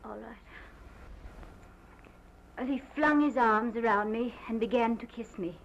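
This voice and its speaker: An actress playing a distraught planter's wife who gives a halting, theatrical statement in an early sound film. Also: female voice, fairly high pitch, vocal fry. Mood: shaken. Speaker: witness giving a statement. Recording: muffled 1929 film sound with faint hiss.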